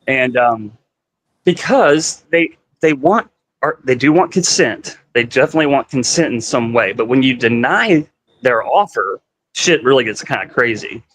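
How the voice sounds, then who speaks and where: A man appears as a guest in a casual storytelling conversation, speaking at medium pitch with an expressive, fairly bright tone and normal speed. He rambles, leans heavily on "like," and acts out what people said. The audio quality is poor.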